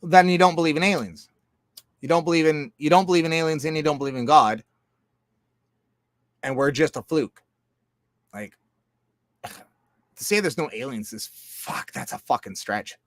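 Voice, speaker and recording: A man talking in a loose, profane, rambling monologue, jumping between loud outbursts and low mutters. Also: normal speed, pauses often, dry recording, clean studio sound. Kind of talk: casual monologue.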